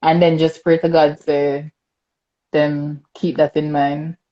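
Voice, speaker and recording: A woman's voice: low voice, slow, lo-fi sound. A young adult woman with a Jamaican accent, hosting a casual talk show and reading viewer comments with lots of laughter. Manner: laughs often, animated and chatty. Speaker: podcast host.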